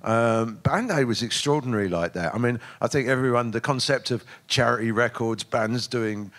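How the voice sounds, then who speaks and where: A man's voice: mid-range voice, normal speed, a bit bright. A man in his sixties, a guest musician reflecting earnestly in an interview. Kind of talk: reminiscing in an interview.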